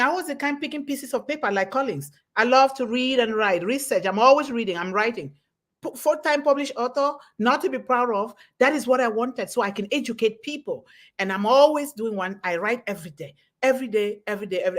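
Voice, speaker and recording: A Cameroonian woman in middle age hosts a live online webinar. Her motivational talk is impassioned, repeating phrases as her pitch and volume rise and fall.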